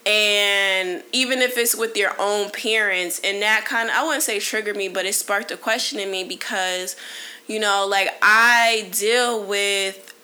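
A woman in her late twenties hosts a solo podcast with a medium-pitched, bright, forceful voice and a slightly slow pace. She talks candidly and rambles casually, full of fillers and restarts, and gets emotional for a moment.

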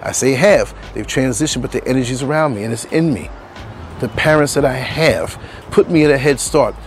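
A man speaks earnestly outdoors on a street, leaning on repeated phrases for weight. His voice sits at a middling pitch. Faint music plays under his talk. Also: moderate pace. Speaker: podcast host. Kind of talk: reflective monologue to camera. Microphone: clip-on mics.

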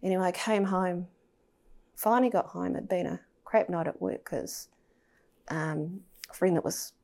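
Woman guest, gravelly low voice, candid and emotional, trails off to near-whispers. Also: darkish tone. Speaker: podcast guest. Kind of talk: personal storytelling in a podcast interview.

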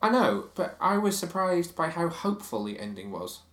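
A man's voice: on the high side, very animated, normal speed, fairly bright tone, roomy sound. A man co-hosting a casual chat about a TV show, opinionated and chatty. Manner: chatty, opinionated, reads quotes aloud. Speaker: podcast co-host.

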